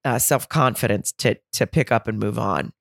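A woman co-hosting a podcast, chatting casually in an animated, laughing way. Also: very deep voice, moderate pace, vocal fry, no echo, studio quality. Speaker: podcast co-host. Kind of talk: casual chat.

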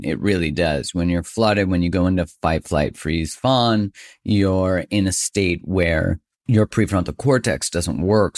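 A man hosting his own podcast, talking in a chatty, self-joking way and laughing often. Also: low voice. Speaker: podcast host. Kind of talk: casual podcast monologue.

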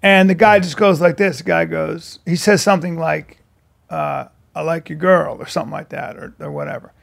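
High, gravelly-voiced man telling stories. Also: moderate pace. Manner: rambling, animated, swears a lot. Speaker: podcast co-host. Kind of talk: casual storytelling chat.

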